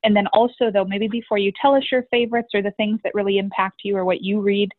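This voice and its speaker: A woman's voice: mid-range voice, steady tone, fast talker, no room sound. A woman hosting a podcast, asking a guest a rambling, self-correcting question. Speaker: podcast host. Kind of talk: interview question. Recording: tinny phone-like line.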